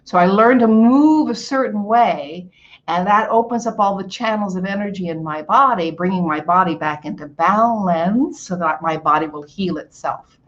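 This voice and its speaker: An older woman from Hawaii, appearing as a guest actor, tells stories in a casual interview at normal speed with a medium pitch. She is animated, acts out what people said and laughs often; the audio is dull.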